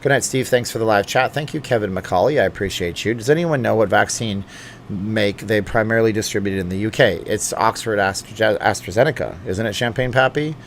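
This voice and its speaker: Chatty middle-aged man, lowish voice. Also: a little fast, a little hiss or hum. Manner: chatty and joking, thinks aloud with fillers and asides. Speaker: channel host answering live chat. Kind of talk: casual late-night livestream chat, reading viewer comments aloud. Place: at home.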